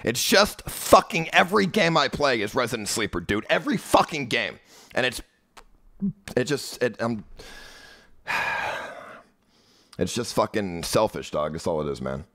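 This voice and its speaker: A man's voice: mid-range voice, very animated, moderate pace, pushed and bright. A young man live streaming, ranting at his chat in a profane, agitated, repetitive way. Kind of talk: livestream rant at chat.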